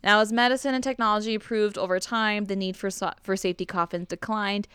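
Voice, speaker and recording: Smooth-voiced young woman telling a spooky story. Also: mid-range voice, fairly even intonation, fast, fairly bright tone, dry recording. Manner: chatty, swears freely, laughs while telling. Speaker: podcast host. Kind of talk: casual storytelling chat.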